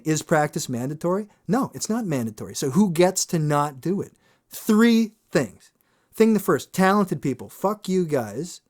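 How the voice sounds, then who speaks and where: Animated, foul-mouthed male podcast host. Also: fairly high pitch. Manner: animated, swears freely, acts out voices in quotes. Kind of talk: casual monologue with profanity.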